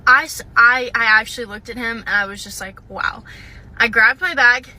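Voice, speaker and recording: A woman's voice: a little high, moderate pace, sharp tone, rough recording. A young woman, a university student, telling a personal story to the camera in a casual, hesitant way, full of "um" and "like". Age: young adult. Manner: hesitant, with frequent "um" and "like".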